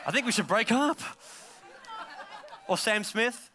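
Man, sermon, very high pitch, bright tone, joking to shouting, faint murmuring crowd. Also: animated, takes it slowly. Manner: joking, then rising to a loud exhortation. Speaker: preacher. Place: live service before a gathered congregation.

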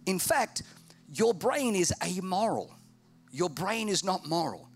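A man preaching a sermon in an animated, joking and emphatic way. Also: high voice, takes it slowly, breathy edge, faint music behind. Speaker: pastor.

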